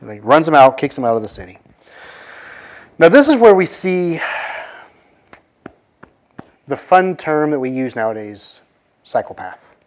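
A man's voice: fairly high pitch, big pitch swings, measured pace, long pauses. Casual man retelling a scripture story. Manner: conversational, many fillers, acts out quoted lines. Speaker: bible teacher.

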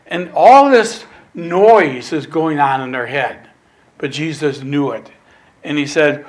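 A man preaching a sermon, emphatic and repeating phrases, dropping from loud stresses to near whispers. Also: on the high side, expressive, slow.

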